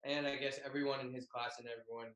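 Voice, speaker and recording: A man's voice: medium pitch, little pitch movement, fast, fairly bright tone. Man chiming in from a roomy space. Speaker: comedian. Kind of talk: chiming into a shared story. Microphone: video call.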